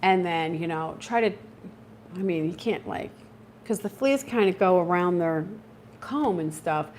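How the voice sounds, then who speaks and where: A woman's voice: lowish voice, measured pace, slight background noise. A middle-aged woman hosting a homesteading livestream, talking casually and acting out her own reactions as she tells stories. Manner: chatty and animated, acts out her own reactions. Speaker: homesteading channel host.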